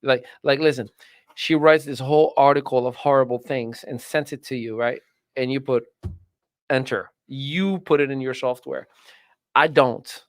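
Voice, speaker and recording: A man's voice: medium pitch, normal speed, no room sound. A man hosts a casual talk on personal growth, with a mid-range voice recorded close and dry. He tells his stories with energy and acts out what other people said to him. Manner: animated storyteller, acts out quoted voices. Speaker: host, personal growth speaker. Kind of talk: casual chat.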